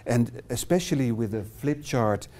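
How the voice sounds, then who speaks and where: Dutch-accented middle-aged male trainer, mellow tone, halting English with fillers, small classroom. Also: mid-range voice, animated. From Netherlands. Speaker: workshop trainer. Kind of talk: live workshop presentation.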